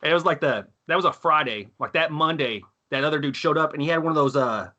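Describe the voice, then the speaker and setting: A man's voice: a little high, fast, sharp tone, lo-fi sound. A man in his thirties with a Texan accent, telling profane stories in casual chat, laughing often. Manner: profane, laughing, acts out quoted voices. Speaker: podcast guest.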